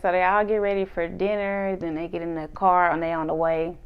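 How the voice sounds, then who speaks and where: A woman casually recapping a reality TV episode, animated, acting out quotes and laughing often. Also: lowish voice, brisk, clear, resonant tone, muffled recording.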